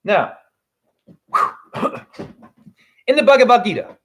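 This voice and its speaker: Casting note: man in his forties, high voice with wide swings, livestream spiritual monologue, profane. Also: sing-song, takes it slowly. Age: 40s. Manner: swings from low preaching to high shouts, swears. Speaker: spiritual teacher.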